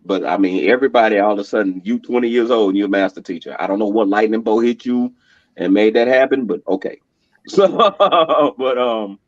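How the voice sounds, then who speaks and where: A man in casual podcast conversation, telling stories animatedly, laughing often and slipping into voices for quotes. His middle-pitched voice comes through a dull, muffled lo-fi recording with a dry, close sound. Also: no echo. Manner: animated, laughing storyteller who acts out quotes. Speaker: podcast guest.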